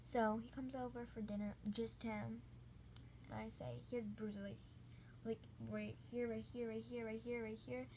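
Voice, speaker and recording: A woman's voice: fairly high pitch, little pitch movement, normal speed, mellow, a little hiss or hum. A woman hosting a storytime channel, recounting a story in a rambling, casual way with lots of "like". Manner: rambling, heavy use of "like".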